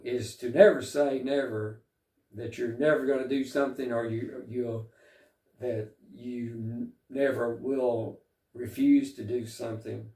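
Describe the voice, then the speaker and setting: A man preaching a sermon, reflective and unhurried, pausing often with fillers as he reads and explains scripture. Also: medium pitch, a little mellow, reverberant, distant mic. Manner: slow, reflective, with frequent pauses and fillers.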